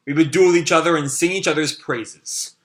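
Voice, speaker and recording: A man voicing a calm male swordsman who makes his foes cry, speaking slowly and evenly. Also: fairly high pitch, natural voice. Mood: measured.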